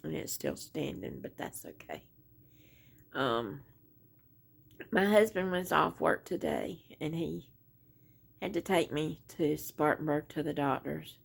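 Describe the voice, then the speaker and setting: Low gravelly woman rambling. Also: lively intonation, slow, pauses often. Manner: rambling storyteller, many "um" and "anyway". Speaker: crochet vlogger. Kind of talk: casual rambling chat.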